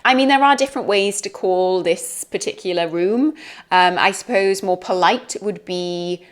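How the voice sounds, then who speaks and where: A woman with a British accent talks through an English lesson. Her pitch sits in a middle range, neither high nor low. She explains in a chatty, friendly manner, as if to a student. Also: normal speed. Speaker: English teacher.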